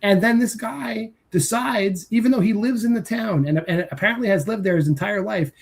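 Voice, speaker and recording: A man's voice: sits high, brisk. A man co-hosting a casual horror movie review, ranting with exasperated profanity. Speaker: podcast co-host.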